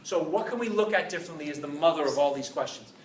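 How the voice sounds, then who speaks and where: Man speaking to an audience, rapid and joking, faint background noise. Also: fairly high pitch. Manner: energetic, joking, questions the audience directly. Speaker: speaker giving a talk on innovation. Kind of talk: lively presentation to a live audience. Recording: roomy, distant mic with faint noise.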